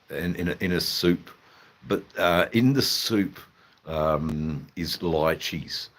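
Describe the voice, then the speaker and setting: An Australian man hosting a live stream, chatting in a rambling, hesitant way with lots of fillers and restarts and some blunt swearing. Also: a bass voice. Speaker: livestream host.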